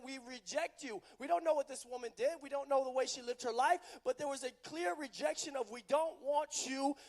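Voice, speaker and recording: A man preaching a passionate sermon at a live event, building to loud, urgent delivery. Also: extremely high pitch.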